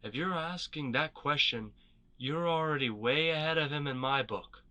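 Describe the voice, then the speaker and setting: A man voicing a gruff, wary veteran male rebel leader in a storybook reading, talking in blunt, clipped and wry lines. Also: fairly high pitch, normal speed, bright, forceful tone, muffled recording, pitched above the performer's own voice.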